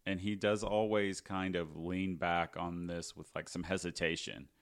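A man's voice: low voice, fairly even intonation, measured pace, clear, resonant tone. A man co-hosting a podcast, chatting casually about a book with a dry, sardonic humor. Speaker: podcast co-host. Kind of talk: casual book-discussion chat.

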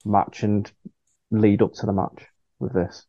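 A man co-hosting a podcast, giving measured, opinionated takes in casual chat. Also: lowish voice, level tone, no echo. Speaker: podcast co-host. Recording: dull lo-fi mic.

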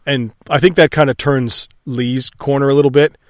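A man's voice: medium pitch, steady tone, moderate pace, no room sound, clean studio sound. A man eagerly walking through film scenes in a casual commentary, cursing and laughing along. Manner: enthusiastic, crude, narrates scenes and acts out lines. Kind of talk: casual movie commentary chat.

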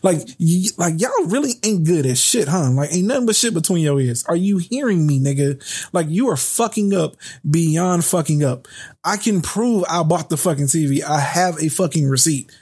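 Fired-up male podcast host, young, slightly high voice, heavy swearing. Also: expressive, moderate pace, a little mellow, husky. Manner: heated and profane, swears heavily. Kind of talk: reading a news story, then ranting.

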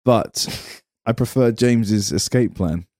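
A man's voice: fairly low pitch, measured pace, no room sound, studio quality. A man hosting a comedy podcast in casual chat, playful and asking questions. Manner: animated, playful, asks questions.

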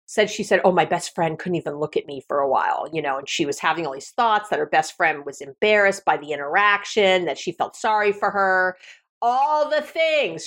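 A middle-aged woman therapist hosting a solo podcast, talking in a chatty, animated way with playful asides. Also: medium pitch.

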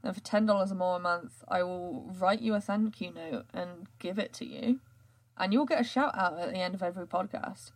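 A woman's voice: on the low side, brisk. A woman, hosting a podcast in casual chat, rambling with many fillers and frequent laughs. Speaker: podcast host and writer.

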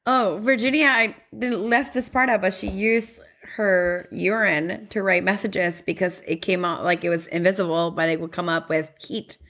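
Bright, joking woman podcast co-host. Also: medium pitch, steady tone, normal speed, hardly any pauses. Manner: joking, laughing, playful asides. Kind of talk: casual chat.

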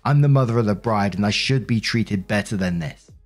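A man's voice: fairly low pitch, brisk, natural voice. A man reading the lines of a defensive, self-pitying middle-aged mother in a slightly raised, indignant voice. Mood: aggrieved.

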